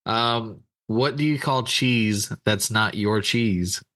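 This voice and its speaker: A man's voice: on the low side, takes it slowly, a bit bright. A man co-hosting a podcast, trading jokes in a teasing, playful way. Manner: plays along in a joking, teasing way. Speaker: podcast co-host. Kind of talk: casual podcast chat.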